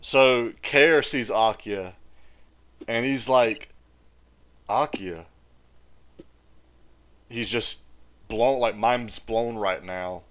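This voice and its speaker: A man's voice: medium pitch, slow, a bit bright, clear, resonant tone. A man playing a tabletop game, describing his character's feelings in a subdued way. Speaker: player. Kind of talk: casual tabletop play.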